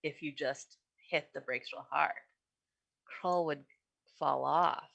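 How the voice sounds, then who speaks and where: A woman's voice: deep voice, steady tone, slow pace, creaky, a bit bright, lo-fi sound. A woman playing a tabletop game, chatting casually and playfully with frequent laughs. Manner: playful and giggly. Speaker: player.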